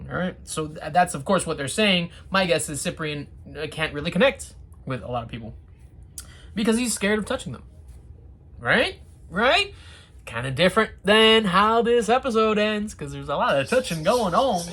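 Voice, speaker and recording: A TV reviewer talks through an episode in a lively, swooping voice with a husky edge. The delivery is casual and full of sarcastic asides and restarts. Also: mid-range voice.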